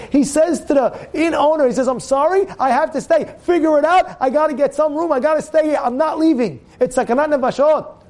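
A man tells a story in an animated sermon. His voice sits unusually high for a man. He restarts and repeats words as he builds the story. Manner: lively, repeats words, acts out quotes. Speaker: rabbi teaching a Torah class.

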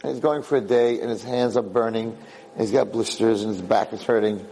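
A man lecturing and telling a parable in an animated way, mixing in Yiddish words. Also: on the low side, brisk, slight background noise, low-quality recording. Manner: animated storyteller, Yiddish-sprinkled. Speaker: Jewish lecturer.

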